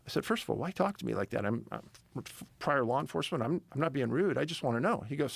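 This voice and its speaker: A man's voice: mid-range voice, lively intonation, quick pace, vocal fry, no room sound. A middle-aged man telling a story in a casual interview, emphatic and building tension. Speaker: podcast guest, missing-persons researcher.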